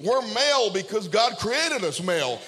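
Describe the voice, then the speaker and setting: A high-pitched man preaches fervently, stopping to throw amen and okay at his listeners. His voice trails off into the long echo of a big church hall. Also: big pitch swings, moderate pace, a bit bright. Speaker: pastor. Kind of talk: sermon with storytelling. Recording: long reverb of a large hall.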